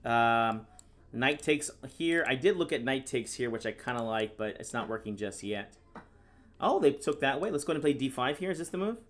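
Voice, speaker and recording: A man from the United States commenting live on his own chess games, reading viewer questions aloud and answering in a casual, deadpan sarcastic way. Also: mid-range voice, moderate pace. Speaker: chess streamer and National Master. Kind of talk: live-stream commentary while playing.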